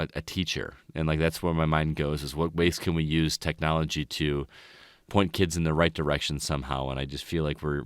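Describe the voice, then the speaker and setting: A deep-voiced man talks earnestly on a podcast, wandering through his thoughts. His tone is smooth and resonant, and the sound is close and dry. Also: fairly bright tone, no echo. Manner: earnest, rambling, reflective. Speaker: teacher and podcast guest. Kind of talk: casual podcast chat.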